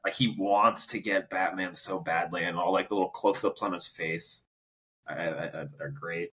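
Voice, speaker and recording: A young man with a low, slightly husky voice, talking in a loose, hesitant way full of fillers as a podcast co-host. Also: fairly even intonation, moderate pace, sharp tone. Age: young adult. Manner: hesitant, lots of "like" and restarts, laughs easily. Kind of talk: casual movie discussion.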